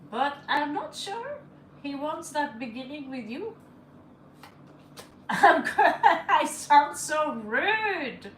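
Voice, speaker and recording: A woman for whom English is not her first language reads tarot cards on a live stream, loose and chatty, laughing between cards. She talks slowly with a slightly high voice. The room rings with echo over a faint background hum. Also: vocal fry, sharp tone. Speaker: tarot reader. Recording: echoey room with faint ambient noise.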